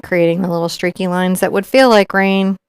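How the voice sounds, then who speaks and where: A woman's voice: lowish voice, steady tone, a little fast, clear, resonant tone, no echo, clean studio sound. A woman teaching a live acrylic painting lesson, chatting and explaining each step as she paints. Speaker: art instructor.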